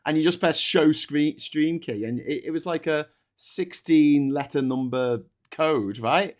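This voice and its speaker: A man's voice: fairly high pitch, measured pace. Chatty Liverpudlian man on a video call. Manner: chatty, laughs a lot, swears, rambling anecdotes. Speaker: guest on a live talk stream. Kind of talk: casual comic chat.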